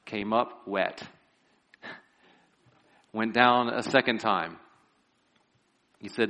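A man preaching a sermon who retells a Bible story vividly, with lively asides and an earnest, pleading tone. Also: on the low side, very slow, long pauses, a little hiss or hum.

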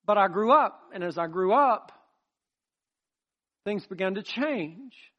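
High-voiced man preaching with passion. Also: animated, slow pace, pauses often, fairly bright tone. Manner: impassioned, repetitive preaching cadence; tells personal testimony. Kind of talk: sermon.

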